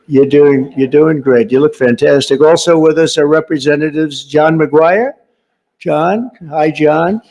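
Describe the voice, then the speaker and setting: Gravelly man giving a rambling speech. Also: on the high side, noisy background. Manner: rambling, teasing asides to guests in the room. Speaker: host of a reception, giving a speech. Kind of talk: off-the-cuff speech. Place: large reception room, indoors.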